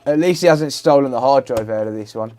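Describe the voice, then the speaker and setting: Black Country man, casual live-stream host, mid-pitched, laughs a lot, chats with viewers. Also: brisk, warm tone, slight background noise. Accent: Black Country English. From England. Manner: chatty, laughs often, talks to chat by name. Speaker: livestream host. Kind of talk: casual live-stream chat while repairing.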